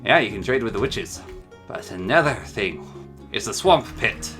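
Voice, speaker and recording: A man's voice: lowish voice, expressive, moderate pace, over music. A man giving casual, enthusiastic commentary while showcasing a game mod, chatting and musing aloud as he goes.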